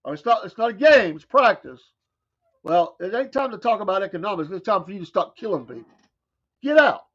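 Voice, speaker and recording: A man with a Southern American accent talks fast in a high-pitched, animated, slightly bright voice while hosting a morning talk show. The casual talk radio monologue is folksy and wry with mocking asides, captured in lo-fi sound.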